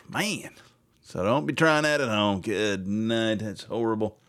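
A man hosting a morning talk radio show, blunt and animated, often laughing at his own remarks. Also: fairly low pitch, measured pace, clear, resonant tone, no room sound, studio quality.

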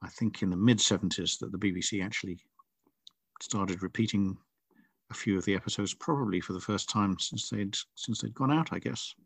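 A middle-aged author talking in a relaxed interview, thoughtful and rambling with frequent restarts. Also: male voice, fairly low pitch, fairly quick, creaky, slightly rough, no echo. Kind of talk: casual interview chat.

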